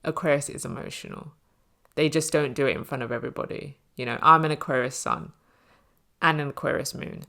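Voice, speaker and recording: Chatty low-voiced woman tarot reader. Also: fairly quick, creaky, bright, forceful tone. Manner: chatty, reassuring, frequent "you know" fillers. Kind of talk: casual spoken tarot reading.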